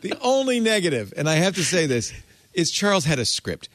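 Animated man hosting a tech chat. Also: fairly quick, no echo, clean studio sound. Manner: animated, jokey, drops low and soft when personal. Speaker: host. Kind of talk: casual podcast chat.

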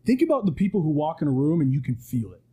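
A man with a high, dark and husky voice talks as a guest in a podcast studio. He preaches with emphasis and keeps checking in with "right?". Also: very animated, fast talker. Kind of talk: animated motivational talk.

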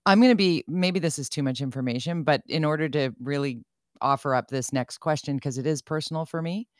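Low-voiced woman radio host, dry studio. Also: dry recording. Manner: candid, chatty, quick to laugh. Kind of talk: talk radio interview.

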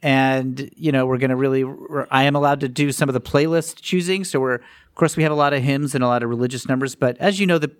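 A man's voice: medium pitch, fairly even intonation, quick pace, smooth, dry recording, natural voice. A man playing an earnest male church-band guitarist in an improvised comedy bit, rambling and oddly boastful.

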